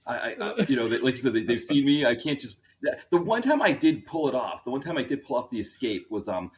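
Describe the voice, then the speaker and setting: Man, podcast guest, rambling casual anecdote, rapid delivery, lively pitch. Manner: rambling anecdote with many restarts. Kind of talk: casual chat.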